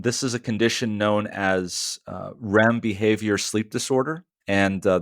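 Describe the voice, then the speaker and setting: A man's voice: fairly low pitch, no room sound, studio quality. A man, a sleep medicine doctor, explaining clinical matters in a radio interview, with frequent fillers.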